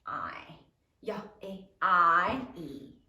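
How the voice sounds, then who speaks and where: A woman's voice: lowish voice, animated, very slow, bright, forceful tone, far from the mic. A woman teaching a third grade spelling lesson, sounding out words letter by letter in a sing-song way. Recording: echoey room, voice off-mic.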